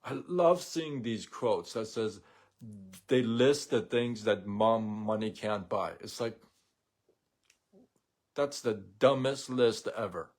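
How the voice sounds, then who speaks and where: A man's voice: fairly low pitch, slow pace, pauses often, a little mellow. A man hosting a live show, talking in a blunt, sarcastic, opinionated monologue. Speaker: host of a daily live show. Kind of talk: casual monologue rant.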